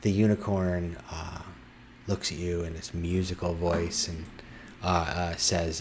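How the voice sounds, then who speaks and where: Male game master, lowish voice, halting tabletop narration. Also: little pitch movement, slight background noise. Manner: halting, many fillers and restarts.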